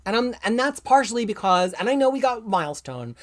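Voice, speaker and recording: A woman hosting a live comics stream, talking with passion and reading viewer comments aloud, going from quiet asides to loud, emphatic outbursts. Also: a little high, big pitch swings, brisk. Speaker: comics livestream host.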